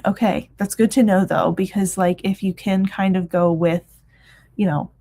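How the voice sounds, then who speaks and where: A woman's voice: fairly low pitch, darkish tone. Tired chatty woman streamer. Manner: chatty, many ums and restarts, laughs often. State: tired, yawning. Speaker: reading sprint livestream host. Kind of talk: casual chat reading live comments.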